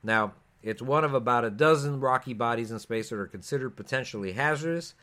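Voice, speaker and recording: Bright-voiced male podcast co-host. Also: medium pitch, a little fast. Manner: easygoing, explanatory with fillers. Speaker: physician co-host. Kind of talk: conversational podcast talk.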